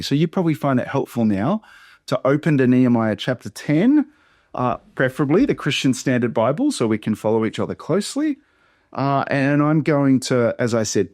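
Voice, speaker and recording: A man with an Australian accent, a pastor teaching how to read hard biblical names aloud, sounding each one out slowly and deliberately. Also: mid-range voice, darkish tone, dry recording, studio quality. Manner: slow, deliberate syllable-by-syllable modelling. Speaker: pastor teaching Bible reading. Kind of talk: workshop teaching pronunciation.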